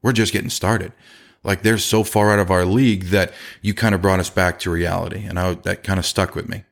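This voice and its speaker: A man's voice: low voice, level tone, a little fast, gravelly. A middle-aged man hosting a podcast, talking candidly and earnestly about his business, with frequent restarts and repeated phrases. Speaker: podcast host, chimney business owner. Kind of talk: candid casual monologue.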